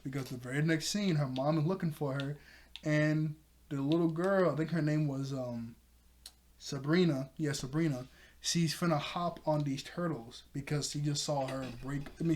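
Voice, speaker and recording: A man's voice: fairly high pitch, darkish tone. A man casually recapping a cartoon episode, laughing often and acting out the characters' lines. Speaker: episode reviewer. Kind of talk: casual recap with quoted voices.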